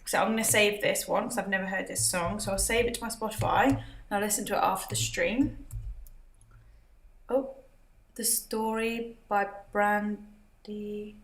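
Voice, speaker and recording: A woman's voice: medium pitch, steady tone, moderate pace, pauses often. Chatty woman reading comments. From Britain. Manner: chatty, laughs often, reads out viewer comments. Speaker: livestream host. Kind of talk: casual livestream chat. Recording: roomy echo.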